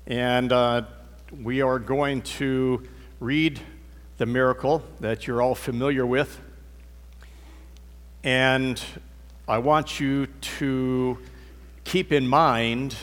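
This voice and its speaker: A man's voice: medium pitch, a bit bright, big-room sound. A male pastor giving a conversational sermon, shifting his emphasis on words as he teaches.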